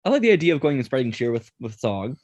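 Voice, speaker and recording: A man's voice: medium pitch, big pitch swings, darkish tone. A man hosting a podcast, chatty and running the segments in casual talk. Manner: quick, chatty, runs the segments. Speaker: podcast host. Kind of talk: casual chat.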